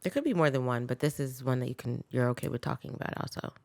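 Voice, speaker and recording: Female co-host, very low and gravelly voice, direct and teasing. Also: fast talker, darkish tone, no echo, studio quality. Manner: direct, teasing, steers the topics. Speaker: podcast co-host. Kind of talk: casual chat.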